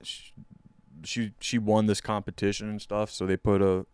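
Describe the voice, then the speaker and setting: Low smooth-voiced dude rambling, swearing a lot, dry close mic. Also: male voice, level tone, moderate pace, darkish tone, no room sound. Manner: rambling, swears freely, acts out quoted voices. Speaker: podcast co-host. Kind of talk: casual chat.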